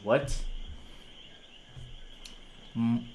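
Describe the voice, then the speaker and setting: Speaking medium-pitched and flat, a little slow and a little mellow, this young native Spanish speaker leaves long pauses as he reviews music live. He argues with a critic in casual slang, sounding incredulous, and a slight hiss or hum sits under the audio.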